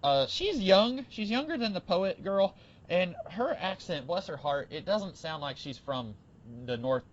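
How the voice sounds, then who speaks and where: A man co-hosting a podcast, chatting casually about a TV episode with lots of fillers and bursts of excitement. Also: high voice, unhurried, muffled recording. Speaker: podcast co-host. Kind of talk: casual TV discussion.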